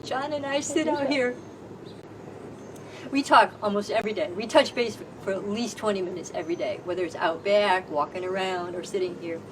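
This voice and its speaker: Expressive woman storyteller, recorded from afar. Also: medium pitch, moderate pace. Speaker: housing program homeowner. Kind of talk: personal storytelling. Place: outdoors on a porch. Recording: distant mic with background noise.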